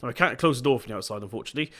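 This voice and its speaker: A man's voice: mid-range voice, lively intonation, racing, sharp tone. A young man giving casual let's-play commentary as a gaming video host, chatty and rambling, often stopping to correct himself.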